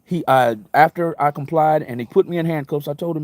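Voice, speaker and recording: A man hosting a casual live-stream talk show, telling personal stories in a conversational way, repeating phrases and jumping in pitch for emphasis. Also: a little fast, hardly any pauses, darkish tone, no echo. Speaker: internet radio talk host.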